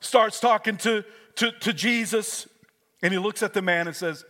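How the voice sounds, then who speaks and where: A male pastor preaching a fervent sermon, moving between hushed talk and shouts and calling on the congregation to repeat after him. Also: sits high, moderate pace, big-room sound. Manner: calls on the congregation to repeat words. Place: church sanctuary.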